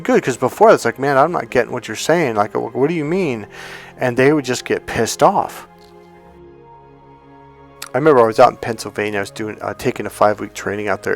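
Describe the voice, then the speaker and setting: A man, a relationship and communication coach, giving a motivational teaching talk and acting out quoted voices as he tells stories. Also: fairly low pitch. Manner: animated storyteller, acts out quoted voices.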